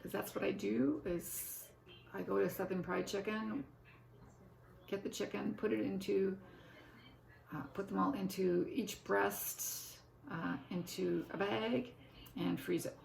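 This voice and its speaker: Rambling older woman with gravelly voice. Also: medium pitch, steady tone, slow, darkish tone. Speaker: vlogger. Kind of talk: casual rambling chat. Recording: echoey room.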